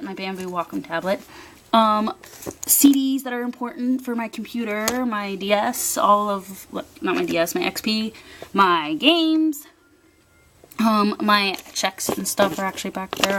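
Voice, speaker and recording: A young woman giving a rambling, excitable tour of her art desk at home, talking into a handheld camera. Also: mid-range voice, background noise. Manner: chatty, rambling, excitable, many fillers. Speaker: artist showing her workspace. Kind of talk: casual vlog tour. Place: home desk area, indoors.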